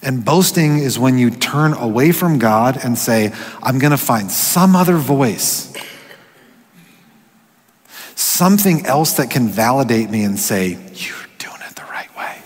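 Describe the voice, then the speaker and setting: Husky-voiced preacher guy, chatty sermon, long hall reverb. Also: mid-range voice, lively intonation, a little slow. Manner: conversational, drops to hushed whispers for quoted voices.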